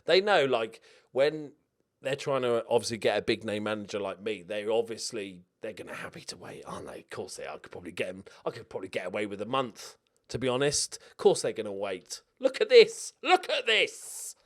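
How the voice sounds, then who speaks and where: A young man giving excitable, jokey let's-play commentary with frequent swearing while talking to himself. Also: lowish voice, brisk. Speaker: video game streamer.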